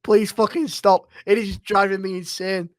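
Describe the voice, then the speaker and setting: A man's voice: high-pitched, fairly even intonation, moderate pace, no room sound. Guy chatting about streaming, rambles a lot, swears, dry close sound. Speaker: roleplay streamer guest. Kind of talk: casual interview chat.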